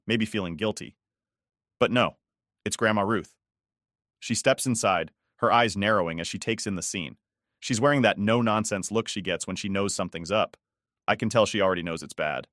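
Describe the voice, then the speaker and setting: A man with a fairly low voice narrates a scripted first-person story. His delivery is steady and even, and the sound is dry and close. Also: no echo.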